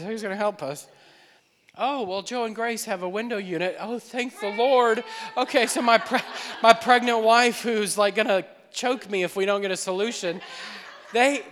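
A young adult man, a pastor, preaching an animated sermon with laughter and acted-out dialogue. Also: high voice. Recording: long hall reverb.

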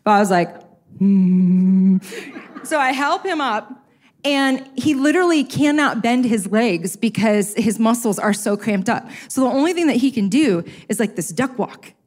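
A woman with a high, bright-toned voice tells a comic personal story to an audience. She pokes fun at herself and jumps into little acted-out quotes. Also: normal speed. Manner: lively, self-mocking, acts out quotes. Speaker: speaker sharing a personal story. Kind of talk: storytelling talk to a live audience.

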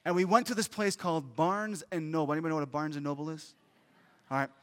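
Male preacher, earnest and animated, a touch high, reverberant sanctuary sound. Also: fast talker. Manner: earnest, animated storytelling with questions to the congregation. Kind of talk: sermon with personal story. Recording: long reverb of a large hall.

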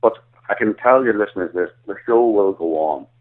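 A man's voice: on the low side, fairly quick. A man with an Irish accent, a guest calling in to an interview, talking earnestly and often stumbling and repeating words. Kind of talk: phone-in interview. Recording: tinny phone line.

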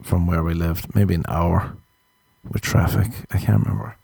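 A man's voice: deep voice, fairly even intonation, moderate pace, creaky, a little mellow, slightly rough, no room sound. A young Irish man rambling through crude, jokey stories in a casual comedic monologue. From Ireland.

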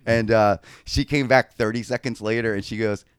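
A young man co-hosting a podcast who tells a long anecdote in a casual, animated and profane way, full of fillers. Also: fairly low pitch, moderate pace, clean tone, dry recording. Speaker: podcast co-host. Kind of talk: casual storytelling.

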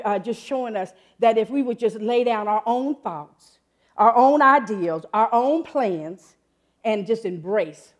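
A woman in her fifties preaches a sermon animatedly and excitably, often laughing and jumping up in pitch.

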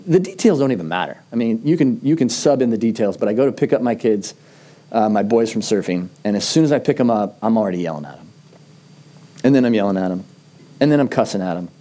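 Middle-aged guy preaching, mellow warm voice, talks like he's telling a story, slows way down on key lines. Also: mid-range voice. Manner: earnest, conversational storytelling with slow emphatic phrases. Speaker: pastor. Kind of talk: sermon.

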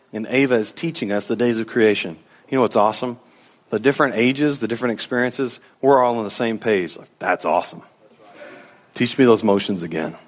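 A pastor in his thirties delivers an animated sermon at a medium pitch, sometimes slipping into a casual voice to act out the disciples. His voice rings through a large sanctuary, and a long reverb trails each phrase.

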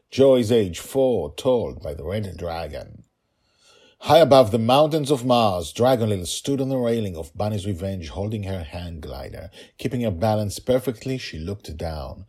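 A man, the author, reading his own story podcast with hurried, chatty asides. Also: fairly low pitch, dark tone, breathy edge. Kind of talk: storybook narration with casual asides.

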